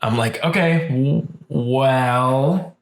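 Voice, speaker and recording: This medium-pitched podcast co-host talks extremely slowly while telling a profanity-laced story in casual chat. The room echoes, and he animatedly acts out other people's lines.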